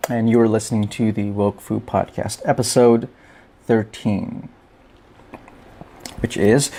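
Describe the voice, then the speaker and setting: A man's voice: medium pitch, measured pace, long pauses, a little mellow. A man hosting his podcast, talking through the topic in a casual, joking monologue with a wry tone. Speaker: podcast host.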